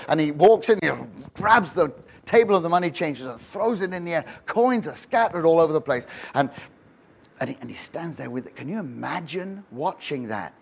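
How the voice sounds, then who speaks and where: A man's voice: fairly high pitch, lively intonation, a little fast, creaky, slightly rough. A man preaching a humorous sermon, telling stories with jokes, rhetorical questions and frequent restarts. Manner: storytelling, joking, many restarts and rhetorical questions. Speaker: pastor.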